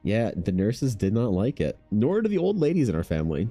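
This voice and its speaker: A man in his thirties chatting casually while streaming his art, laid-back, swearing freely and mimicking people in a higher voice. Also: huge pitch swings, brisk, mellow, soft background music. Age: 30s. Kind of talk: casual chat with chat.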